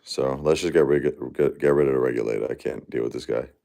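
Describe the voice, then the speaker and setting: Grieving man with a very deep voice. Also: creaky, mellow. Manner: halting and repetitive, many restarts and fillers. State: grief-stricken. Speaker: livestream host. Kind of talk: casual livestream chat, answering comments.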